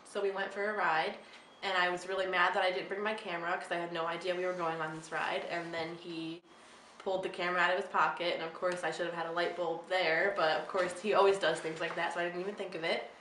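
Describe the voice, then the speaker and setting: A woman telling a personal story in a relaxed, chatty way, laughing along. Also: on the low side, fast talker. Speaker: interviewee. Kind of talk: casual storytelling. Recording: roomy, faint background noise.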